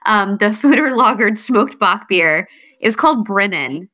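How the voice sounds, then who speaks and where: A woman's voice: medium pitch, expressive, unhurried, sharp tone. A woman from North Carolina co-hosting a beer podcast, tired, chatting casually with some stumbles. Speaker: podcast co-host. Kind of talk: casual chat.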